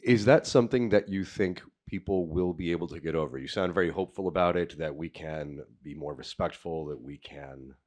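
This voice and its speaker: A man's voice: low-pitched, fairly quick, hardly any pauses, darkish tone. An American man asking a contestant friendly, probing questions as a speech contest judge.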